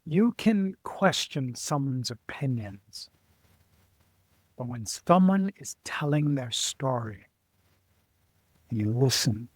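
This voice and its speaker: In this dry recording, a medium-pitched middle-aged man tells stories animatedly as a guest on a casual interview show. He's an adventurer and author who impersonates the voices he quotes and often stops and restarts his sentences.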